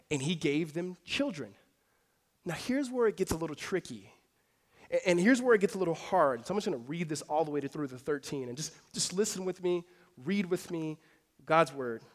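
A male pastor preaching through a scripture passage, telling the story in a lively, conversational way with casual fillers. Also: fairly high pitch, moderate pace. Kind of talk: expository sermon.

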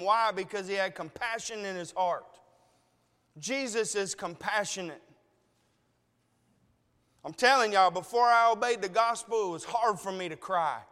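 A male preacher with a high voice, delivering a slow, deliberate sermon. He sounds tearful and emotional, and he pleads with his listeners through repeated questions. His voice rings with the long reverb of a hall. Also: a bit bright, clear, resonant tone.

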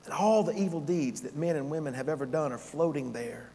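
A man preaching a sermon, building to loud emphatic phrases and dropping to hushed, near-whispered lines. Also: fairly high pitch, expressive, fairly quick, creaky. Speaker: pastor. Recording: long hall reverb.

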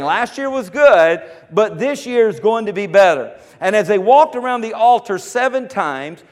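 A man preaching a sermon, repeating his phrases and building up to fervent shouts. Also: high voice, long reverb tail.

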